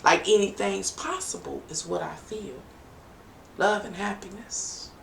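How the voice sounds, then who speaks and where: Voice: mid-range voice, a little slow. A tarot reader giving a chatty, playful live-stream reading, with teasing asides to viewers. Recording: echoey room, distant from mic, faint noise.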